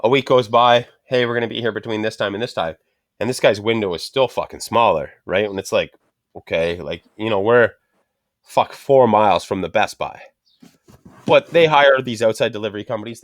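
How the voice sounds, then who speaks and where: A man's voice: fairly low pitch, fairly quick, no room sound, clean studio sound. A middle-aged man telling a frustrated story in casual chat, swearing constantly and ranting. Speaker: podcast host.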